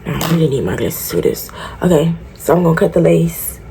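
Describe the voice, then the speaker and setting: A woman's voice: low-pitched, big pitch swings, fairly quick, creaky, background noise. A woman vlogging a tutorial in casual chat, talking straight to her viewers, frank, exasperated and swearing freely. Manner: chatty, talks straight to viewers. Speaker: beauty vlogger.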